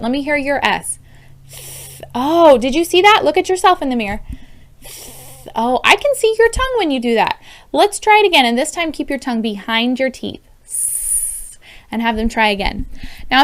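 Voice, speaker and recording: A woman's voice: sits high, fairly bright tone. Upbeat woman demonstrating speech sounds. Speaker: speech therapist teaching parents. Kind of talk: instructional video.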